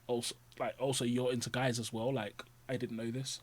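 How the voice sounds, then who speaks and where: A man's voice: mid-range voice, flat delivery, brisk. A man hosting a podcast, chatting casually and animatedly acting out his own past rants. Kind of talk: casual chat.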